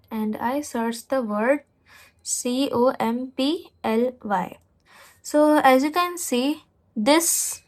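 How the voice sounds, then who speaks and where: She's an English learning host with a high, fairly bright voice, reassuring viewers in a casual tutorial vlog. She spells out words, shows how to pronounce them, and often corrects herself partway through sentences, all on a rough recording.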